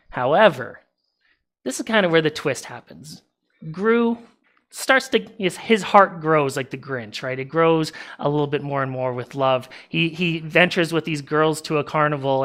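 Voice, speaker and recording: A man's voice: a little high, sharp tone. A man preaching a casual sermon in a church, animatedly retelling a movie plot with asides to the congregation. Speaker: pastor. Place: church sanctuary.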